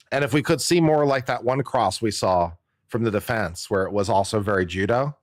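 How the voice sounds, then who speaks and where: A man's voice: on the low side, dry recording, studio quality. A man, an attorney, giving casual and jokey live-stream commentary, musing aloud and often repeating himself.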